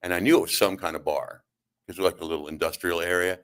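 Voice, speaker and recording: A middle-aged man hosting a talk radio show, telling comic stories in a rambling, halting way and acting out the quotes. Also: low-pitched, fairly even intonation, fairly bright tone. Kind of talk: comedic storytelling on talk radio. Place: radio studio.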